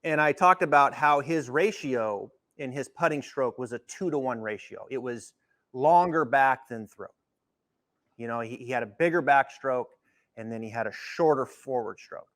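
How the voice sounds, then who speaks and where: A man hosting a golf interview, telling a story in an animated, excitable way, full of "I mean" and "you know". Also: mid-range voice, normal speed. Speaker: golf instructor and show host.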